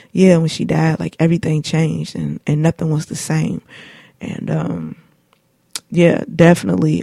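A woman's voice: deep voice, creaky, mellow, no echo, studio quality. A woman in her late twenties hosting her own show, telling personal stories in a laid-back, rambling, slangy way with many fillers. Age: late 20s. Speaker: show host. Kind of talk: casual personal storytelling. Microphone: studio mic.

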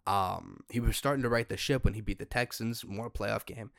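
A young man hosting a solo podcast, ranting in an exasperated way with sudden loud outbursts. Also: lowish voice, normal speed, vocal fry, no echo. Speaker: podcast host.

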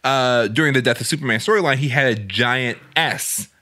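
A man co-hosting a casual movie podcast, enthusiastic and quick to laugh. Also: mid-range voice, bright, forceful tone. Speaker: podcast co-host.

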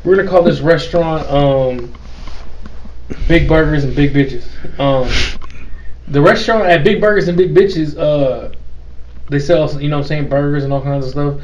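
A man's voice: on the high side, normal speed, long pauses, a little mellow, muffled recording. A man hosting a casual chat and telling a story in a loose, laughing way, acting out the people in it. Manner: loose, laughing retelling with playacted quotes. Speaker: host. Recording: faint noise, set back from the mic.

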